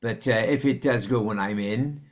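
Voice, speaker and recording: A man's voice: medium pitch, normal speed. An older man in casual chat with friends, speaking hesitantly and restarting his sentences. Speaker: regular of the group chat.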